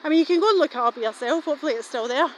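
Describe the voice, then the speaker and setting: A middle-aged woman with a high, animated voice talks very fast while walking outdoors, with a little hiss or hum on the recording. In this walking vlog monologue she rambles suspiciously and swears casually.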